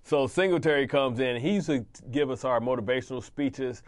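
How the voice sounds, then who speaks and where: A man's voice: mid-range voice, a little fast. A man in his forties, a former football player, telling stories in a casual interview, laughing and acting out what others said. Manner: animated, laughing storyteller who acts out quotes.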